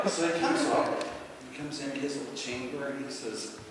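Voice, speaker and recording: A man performing standup comedy at a coffee house event, chatty and animated with plenty of fillers. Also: medium pitch, a little hiss or hum. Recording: echoey hall from far off, crowd.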